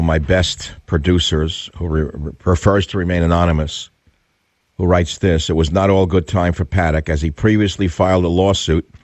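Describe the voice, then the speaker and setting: Male radio talk host, low voice, dry studio sound, combative, rhetorical. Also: darkish tone, no room sound. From United States. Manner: combative, indignant, rhetorical questions. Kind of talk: radio talk show monologue.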